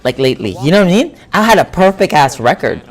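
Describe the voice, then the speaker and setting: A young adult man streaming live, reacting to a fighting game match in casual chat, excitable and profane, repeating himself and yelling at the plays. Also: on the high side, quick pace.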